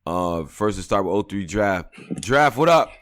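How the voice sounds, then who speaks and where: A man with a raspy voice, hosting a casual podcast in a laid-back way. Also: lowish voice, animated, unhurried, a bit bright. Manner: laid-back, loose, many fillers. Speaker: podcast host.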